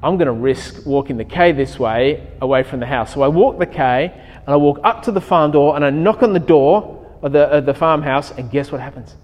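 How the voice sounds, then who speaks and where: Pastor preaching in a reverberant hall. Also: male voice, a little high, normal speed. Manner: animated storytelling, acting out his own thoughts. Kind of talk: sermon with personal story.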